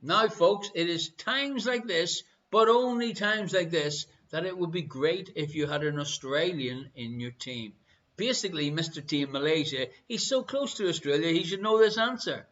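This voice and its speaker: A man with an Irish accent hosting a live online quiz, playful and repeating each question slowly. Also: a little high, expressive, fairly bright tone, lo-fi sound. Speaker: quiz host.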